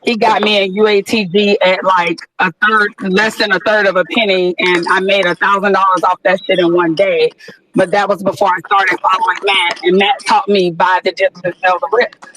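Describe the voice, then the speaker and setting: A woman's voice: medium pitch, level tone, a bit bright, slight background noise, rough recording. Effusive, profane woman. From Atlanta, USA. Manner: effusive, profane, drawn-out words. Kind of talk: casual chat on an audio chat room.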